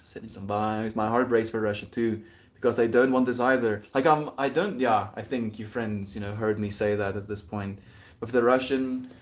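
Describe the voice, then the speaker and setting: A man with a lowish voice hosts his daily stream and reads out chat messages. He talks reflectively and loosely, leaning on "like" and "you know" as he thinks aloud, and keeps a friendly, thoughtful tone toward his viewers. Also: fairly even intonation, moderate pace. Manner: reflective and rambling, heavy with fillers. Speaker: livestreamer. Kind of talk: daily livestream, answering chat.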